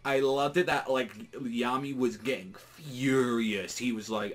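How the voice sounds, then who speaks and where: Brief: man, mid pitch, rambling casual recap, filler-heavy, excitable delivery. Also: unhurried. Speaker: anime reviewer.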